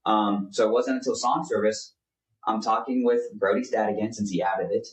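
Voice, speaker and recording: A man's voice: lowish voice, fairly even intonation, normal speed. A young man, a podcast co-host, talking earnestly in a rambling, casual way with many fillers. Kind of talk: casual faith chat. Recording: roomy, distant mic.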